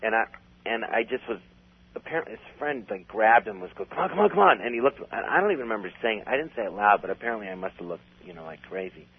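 Low-voiced guy rambling through a story, lots of restarts, tinny phone line. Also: fast, breathy edge. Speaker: comedian guest. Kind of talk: casual storytelling.

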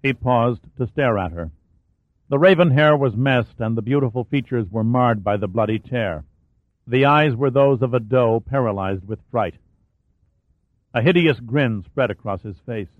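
A man's voice: medium pitch, measured pace, dry recording. Man narrating a thriller, tinny phone-like line. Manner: steady, dramatic storytelling. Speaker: audiobook narrator. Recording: dry, tinny phone-like sound.

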